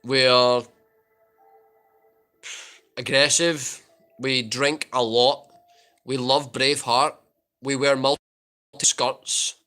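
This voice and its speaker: A young Scottish man hosts a relaxed livestream, trading jokes and answering viewers in an easygoing, talkative way. His voice is bright and forceful at a middle pitch. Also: slow, pauses often, clear, resonant tone. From Scotland. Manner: joking, chatty, reads and answers viewer comments. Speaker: livestream host answering chat. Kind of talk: casual livestream Q&A.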